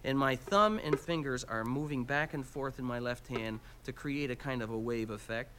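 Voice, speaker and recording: Man teaching percussion over loud noise. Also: medium pitch, moderate pace. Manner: explains step by step, counts out beats aloud. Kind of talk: instructional demonstration.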